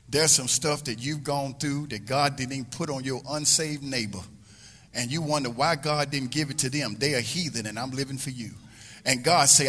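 A man's voice: fairly high pitch, animated, normal speed, sharp tone, slightly rough, big-room sound. A male pastor preaching a sermon, emphatic and repetitive, stretching phrases out for effect.

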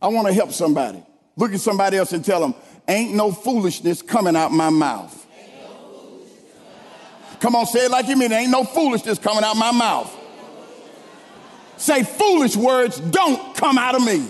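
A man preaching a sermon, leading the congregation in call-and-response and building to shouted lines. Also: high voice, sing-song, normal speed. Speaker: pastor. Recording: long hall reverb.

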